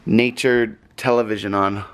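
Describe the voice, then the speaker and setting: A man's voice: lowish voice, fairly even intonation, measured pace. A man hosting a casual family vlog, chatting playfully with his kids and the viewers. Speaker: vlog host, father. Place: outdoors on a home porch.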